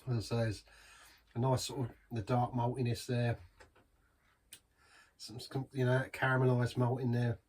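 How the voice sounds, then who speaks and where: A man's voice: mid-range voice, completely flat delivery, moderate pace, pauses often, darkish tone, far from the mic. A man reviewing a beer in a chatty, rambling way, savouring each sip. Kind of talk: casual beer review vlog.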